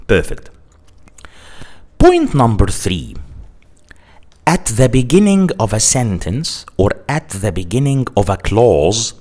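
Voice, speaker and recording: Guy teaching english grammar, slow and careful, voice swings way up and down. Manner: slow, deliberate explaining with lively ups and downs in pitch. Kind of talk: grammar lesson.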